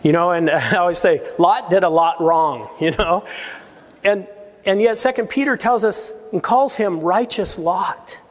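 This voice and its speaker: A man's voice: high voice, normal speed, big-room sound. A man preaching a verse-by-verse sermon as pastor, earnest and emphatic, with rising appeals to his listeners. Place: church sanctuary.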